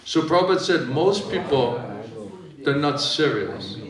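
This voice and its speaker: A man's voice: on the high side, lively intonation, unhurried, echoey room, far from the mic, a crowd in the background, poor audio. A man giving a spiritual discourse in a joking, conversational way, often asking his audience "right?". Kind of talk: sermon. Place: temple hall with audience.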